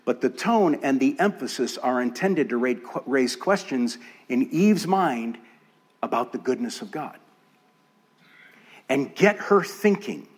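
A man preaches from a church pulpit in a measured, deliberate voice of middling pitch. He leans on repetition, layering parallel phrases to drive each point home. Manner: measured, emphatic build through repeated phrases. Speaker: pastor. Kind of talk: sermon.

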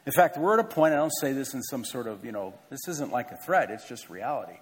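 A man's voice: medium pitch, sing-song, quick pace. A middle-aged man, a pastor, giving church announcements from the pulpit in an earnest, conversational way with self-deprecating asides. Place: large church sanctuary with a balcony. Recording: long hall reverb in a church.

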